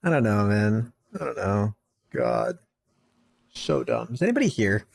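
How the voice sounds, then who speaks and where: A man's voice: lowish voice, wildly swooping pitch, unhurried, vocal fry. A young man reacting live to clips, casual and incredulous, often stammering. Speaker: reaction streamer.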